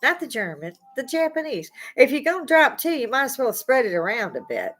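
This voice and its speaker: A woman's voice: fairly high pitch, sing-song, brisk, a bit bright, soft background music, rough recording. Riled-up woman in her sixties ranting. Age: 60s. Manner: blunt, profane, riled up, with rising outbursts. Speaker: vlogger. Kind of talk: ranting opinion monologue.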